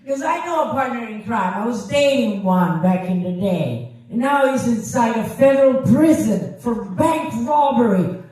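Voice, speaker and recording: A woman's voice: a little high, expressive, normal speed, warm tone. A woman in her fifties from Italy with an Italian accent, performing a brash, profane, self-mocking stand-up comedy set. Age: 50s. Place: comedy club stage. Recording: echoey room from a distance.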